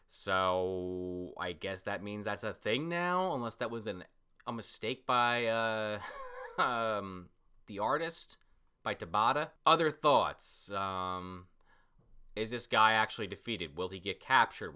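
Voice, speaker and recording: A man giving a casual, excitable manga reaction and recap, full of fillers and the odd curse when surprised. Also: fairly low pitch, clear, resonant tone. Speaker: manga reviewer.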